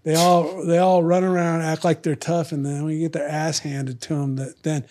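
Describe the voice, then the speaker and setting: A man's voice: a little high, level tone, normal speed, darkish tone. A middle-aged man telling stories in casual chat, blunt and profane, acting out both sides of old arguments. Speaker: guest. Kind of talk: casual storytelling.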